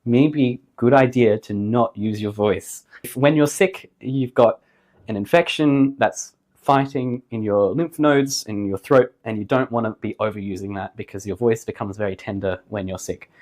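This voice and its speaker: Slightly hoarse man teaching singing. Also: lowish voice, moderate pace, a little mellow. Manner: upbeat, jokey, emphatic on key points. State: slightly hoarse after flu. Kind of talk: vocal lesson to camera.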